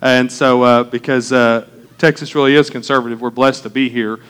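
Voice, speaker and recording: A pastor in his thirties, originally from Oklahoma, delivers a sermon in an easygoing, talkative way. He jokes as he goes and pauses on fillers and restarts. His voice sits at an ordinary middle pitch for a man. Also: fairly even intonation, a bit bright, clean tone. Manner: conversational, joking asides, many fillers and restarts.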